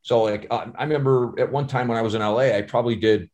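A man's voice: medium pitch, steady tone, quick pace, darkish tone. A man, an actor and guest on a casual podcast, rambling through stories with lots of "you know".

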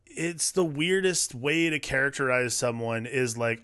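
Man, sardonic film podcast chat, bright voice, dry recording. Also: mid-range voice, animated, unhurried, dry recording. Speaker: podcast co-host. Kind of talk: casual film discussion.

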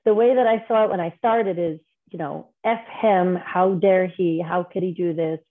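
A woman guest on a podcast, telling personal stories in a candid, rambling way with quick restarts. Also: on the low side, steady tone. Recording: tinny phone-like line.

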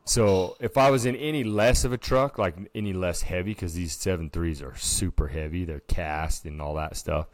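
He has a deep voice, talks at normal speed and hardly pauses, with no echo around him. As a podcast co-host in casual chat, he tells a story animatedly, scattering filler words throughout.

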